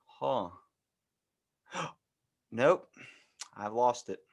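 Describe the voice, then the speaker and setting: A man's voice: mid-range voice, expressive, extremely slow, gravelly. A man hosting a podcast interview, rambling and joking in casual chat. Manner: rambling, jokey, tries impressions. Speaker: podcast host.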